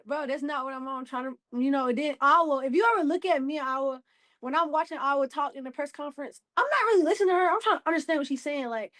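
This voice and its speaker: A woman in her twenties, a rookie basketball player, answering interview questions in a casual, slangy, animated way. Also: sits high, very fast, no room sound, clean studio sound. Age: 20s. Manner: lively, laughing, slangy, lots of "you know what I'm saying".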